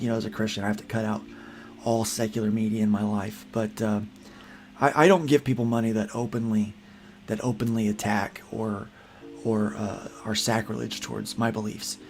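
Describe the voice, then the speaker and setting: A man's voice: lowish voice, fairly quick, a little mellow, a little hiss or hum. A man co-hosting a casual livestream podcast, talking earnestly and rambling with frequent restarts and repeated words. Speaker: podcast co-host.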